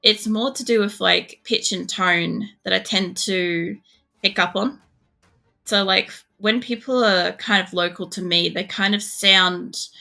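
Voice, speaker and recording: An Australian woman streamer rambles through a casual gameplay chat and swears freely along the way. Her voice is bright and edged with fry, with faint game music underneath. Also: on the low side.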